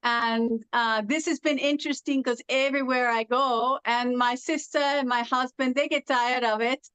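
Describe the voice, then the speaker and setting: Woman, British-sounding accent, clear resonant voice, careful casual storyteller. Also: sits high, fairly even intonation, normal speed, fairly bright tone, no echo. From Los Angeles, California. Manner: speaks with a foreign-sounding accent from a speech condition, often described as British. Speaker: interview guest. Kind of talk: casual conversation.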